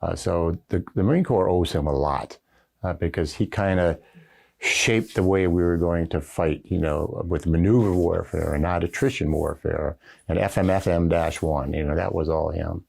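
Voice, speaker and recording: Very deep gravelly older man telling stories. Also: moderate pace, a little mellow. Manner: folksy anecdotal storytelling with frequent fillers. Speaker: retired Marine general telling stories. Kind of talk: recorded oral history interview. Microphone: camera setup with interviewer behind it.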